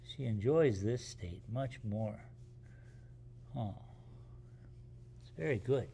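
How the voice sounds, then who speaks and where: A man on a live stream, talking softly and soothingly to his puppy, hushing her and explaining how he calms her down. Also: medium pitch, takes it slowly, creaky, pauses often, husky. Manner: soft, soothing talk to a puppy, hushing and praising. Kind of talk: casual live-stream chat. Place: art gallery workspace.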